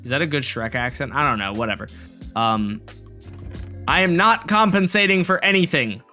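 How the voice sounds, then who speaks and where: A man's voice: medium pitch, lively intonation, normal speed, bright, forceful tone, faint music behind. A young man casually chatting and joking with his live-stream chat while building in a block game, rambling and goofy.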